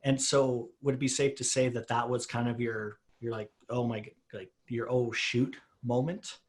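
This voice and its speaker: A man's voice: mid-range voice, flat delivery, moderate pace. A male podcast host asking long, loosely worded interview questions in a conversational way. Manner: rambling, qualifying questions.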